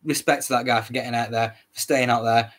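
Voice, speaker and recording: A man's voice: medium pitch, fairly even intonation, quick pace, fairly bright tone. A man hosting a solo podcast, ranting in a heated, repetitive way, swearing often and stumbling over his words. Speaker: podcast host.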